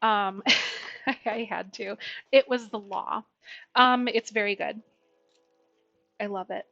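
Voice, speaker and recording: A woman's voice: fairly high pitch, slow pace, gravelly, long pauses, pushed and bright. A woman streamer chatting casually while baking in her home kitchen, bubbly and greeting her viewers by name. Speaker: Twitch streamer. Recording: slightly dull lo-fi stream audio, faint music.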